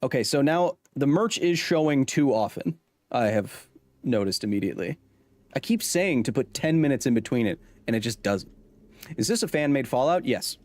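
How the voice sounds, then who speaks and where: Male streamer, animated and chatty, dry close-miked sound, self-interrupting. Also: medium pitch, dry recording. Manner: rambling, self-interrupting, quick to laugh. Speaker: live streamer. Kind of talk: casual live-stream chat.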